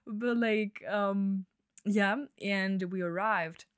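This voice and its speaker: Slow-talking young woman, dry close sound. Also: mid-range voice, fairly even intonation, no echo. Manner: slow, breathy-edged, laughing and swearing freely. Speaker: podcast host. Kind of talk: casual solo podcast monologue.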